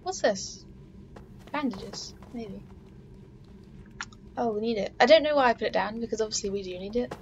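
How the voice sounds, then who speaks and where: A woman's voice: a little high, normal speed, long pauses. A woman playing through a game, talking to herself with frequent swearing and exclamations. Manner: chatty self-talk, swearing and exclaiming. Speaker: let's play gamer. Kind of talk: casual gameplay commentary. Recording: dull lo-fi mic with steady background noise.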